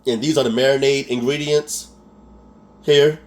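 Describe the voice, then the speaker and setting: A man with a Philadelphia accent walks viewers through a recipe in an easygoing way. His pitch sits in the middle for a man. He chats loosely, pokes fun at his own speech and keeps asking "okay?" as he goes. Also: steady tone, measured pace. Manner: chatty, laughs at himself, keeps asking "okay?". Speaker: cooking show host. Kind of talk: casual cooking tutorial.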